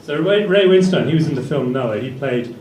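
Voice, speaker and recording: A man's voice: mid-range voice, lively intonation, fairly quick, a little mellow. A man doing a stand-up set in a small comedy venue, rambling in a dry tone with fillers. His voice rings through an echoey room and is picked up from a distance. Faint ambient noise sits underneath.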